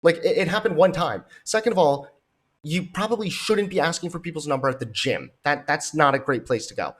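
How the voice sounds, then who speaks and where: A man's voice: fairly high pitch, lively intonation, brisk. A young man reacting to podcast clips, blunt and exasperated, cursing as he talks back to them. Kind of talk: reaction commentary.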